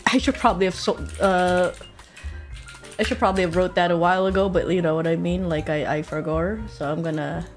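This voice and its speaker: A young woman streaming casually while drawing, excitable and quick to laugh, swearing often. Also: on the low side, soft background music.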